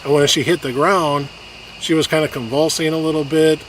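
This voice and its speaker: A man telling an emotional personal story in a halting way, with many restarts, and getting choked up at times. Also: on the high side, fairly even intonation, fairly bright tone. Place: outdoors on a hiking trail. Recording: noisy outdoor recording.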